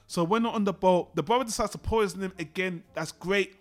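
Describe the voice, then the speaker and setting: A man co-hosting a podcast, chatting casually about a film, animated and swearing as he acts out lines from it. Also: sits high, fast, faint music behind. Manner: animated, swearing, acts out characters in his retelling. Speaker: podcast co-host.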